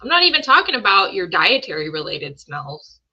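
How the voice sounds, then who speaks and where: A woman's voice: mid-range voice, big pitch swings, moderate pace, sharp tone, slightly rough. A woman co-hosting a live stream, chatting casually and teasing with dry remarks. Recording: dull lo-fi sound.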